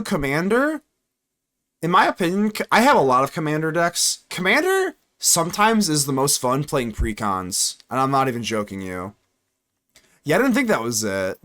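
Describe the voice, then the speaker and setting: A man hosting his channel, giving live gameplay commentary in a chatty, excitable way, thinking aloud as he plays. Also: on the high side, moderate pace. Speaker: card game streamer and channel host.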